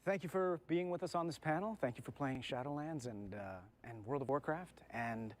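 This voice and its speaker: A man's voice: fairly high pitch, normal speed, a little hiss or hum. An easygoing, good-humored man chatting on a video-call panel. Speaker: voice actor panelist. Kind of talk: casual panel chat.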